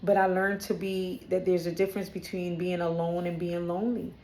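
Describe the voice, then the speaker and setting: A woman's voice: lowish voice, level tone, a little fast, a little mellow. Candid Brooklyn woman talking in an echoey room. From Brooklyn, New York. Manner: candid and chatty, with frequent "right?" and laughter. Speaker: spiritual vlogger. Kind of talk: casual spoken reflection.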